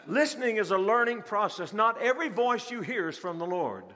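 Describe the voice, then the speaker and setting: Male pastor, high-pitched, repetitive sermon delivery in a large hall. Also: very animated, normal speed, bright, forceful tone. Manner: rhetorical questions to the congregation, repeats key phrases. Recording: long hall reverb.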